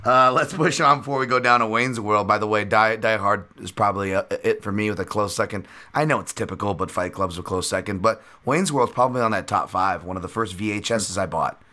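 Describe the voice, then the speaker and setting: A man's voice: lowish voice, a little fast, hardly any pauses, pushed and bright. A man hosting a casual podcast, joking around loosely and swearing now and then. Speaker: podcast host.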